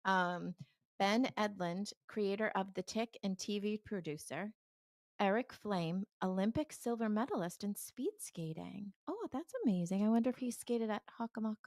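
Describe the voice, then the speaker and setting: A woman's voice: mid-range voice, normal speed, a little mellow, dry recording, clean studio sound. A woman co-hosting a real estate show, reading lists of names and stumbling now and then. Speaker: real estate podcast co-host. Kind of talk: casual chat.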